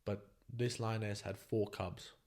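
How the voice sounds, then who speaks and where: A young man from Botswana, a podcast guest, telling a story in a casual, animated way and calling people "bro" as he goes. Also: fairly low pitch, unhurried. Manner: animated, slangy, keeps saying "bro".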